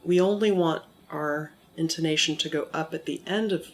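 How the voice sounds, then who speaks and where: An accent modification instructor explaining in an interview, in a measured, teacherly way, sounding a little monotone from a recent cold. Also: mid-range voice. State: recovering from a cold, somewhat monotone.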